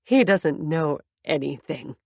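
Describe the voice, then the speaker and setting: Low-voiced woman narrating an audiobook. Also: lively intonation, takes it slowly, dark tone, no room sound. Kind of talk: first-person audiobook narration.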